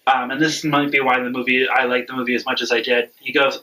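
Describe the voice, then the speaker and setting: Bright-voiced young man telling a story. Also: medium pitch, little pitch movement, quick pace, distant mic, rough recording. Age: 20s. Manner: rambling, frank, swears freely. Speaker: vlog regular. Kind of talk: casual storytelling chat.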